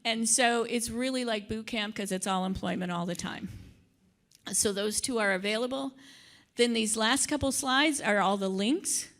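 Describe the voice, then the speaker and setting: A woman's voice: a little high, moderate pace, a bit bright. An older woman from Michigan giving a conference workshop presentation, chatty, with joking asides and the odd stumble over her words.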